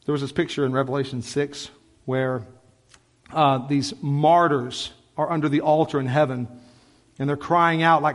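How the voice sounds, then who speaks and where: A male pastor delivers a passionate, conversational sermon with a slightly high voice. His words ring out with a long reverb tail in the church sanctuary. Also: moderate pace.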